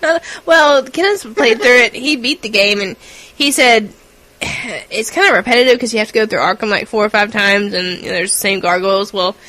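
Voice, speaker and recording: A woman co-hosting a gaming podcast in casual chat, telling animated stories and giggling often. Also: fairly high pitch, brisk, rough recording. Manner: giggly, animated storyteller who acts out quotes. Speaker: podcast co-host.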